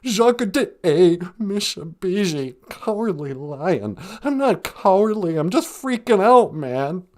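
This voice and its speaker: A man's voice: high voice, sing-song, takes it slowly, hardly any pauses, darkish tone, pitched above the performer's own voice, heavily acted. A man voicing a jittery, very old male lion who frets and whines, tacking "man" onto his lines. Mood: panicky. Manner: frantic, whiny, keeps saying "man". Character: jittery ancient male lion, panicky worrier.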